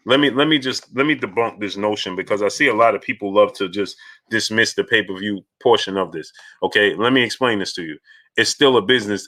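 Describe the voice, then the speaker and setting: A man hosting a casual live stream about boxing, arguing his points with energy while greeting viewers by name and reading their super chats. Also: mid-range voice. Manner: animated, greets viewers by name mid-argument.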